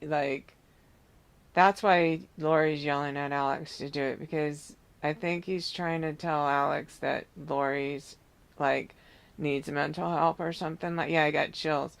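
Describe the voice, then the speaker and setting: A psychic medium giving a reading, describing visions in a halting, searching way full of restarts. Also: medium pitch, steady tone, vocal fry, clean tone.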